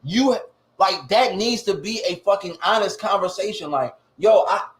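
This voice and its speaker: A man's voice: high-pitched, normal speed, roomy sound. A man co-hosting a podcast, talking bluntly and with a lot of profanity in casual chat. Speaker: podcast co-host.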